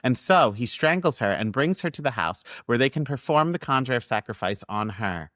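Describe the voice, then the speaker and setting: A man's voice: medium pitch, a little fast, no room sound, clean studio sound. A man co-hosting a movie review podcast in a casual, jokey way, acting out lines as he talks. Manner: animated, jokey, acts out quotes. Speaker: podcast co-host.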